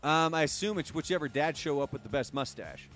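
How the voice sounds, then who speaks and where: Brief: casting male stream host, slightly higher voice, chatty and jokey, faint music behind. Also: a little fast. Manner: chatty, jokey, energetic quiz-show delivery. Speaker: show host. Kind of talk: casual live-stream talk show.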